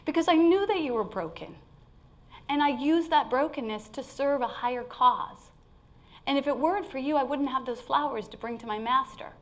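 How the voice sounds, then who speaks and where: A woman speaking as a kind, serene water bearer who gently reassures, in a spoken parable. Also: sits high, moderate pace, lightly acted. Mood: reassuring.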